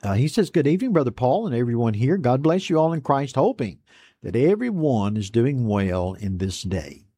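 A man hosting an online Bible study program, reading out viewer greetings and chatting back in a folksy, unhurried way. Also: mid-range voice, very animated, mellow, slightly rough, dry recording, clean studio sound. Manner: folksy and unhurried, reads messages aloud then chats back.

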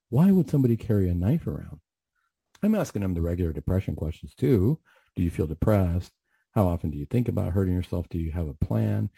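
A man's voice: fairly low pitch, vocal fry, mellow, slightly rough, no room sound. A middle-aged man hosting a talk radio show, earnestly retelling a tense encounter with a patient, with frequent restarts. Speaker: radio show host and clinician.

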